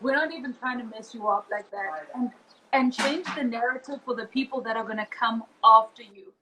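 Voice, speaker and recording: A woman's voice: a little high, brisk, bright, forceful tone, slight background noise, rough recording. A woman hosting a podcast interview, speaking earnestly and encouragingly as she builds on her guest's thoughts. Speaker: podcast host. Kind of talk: reflective interview conversation.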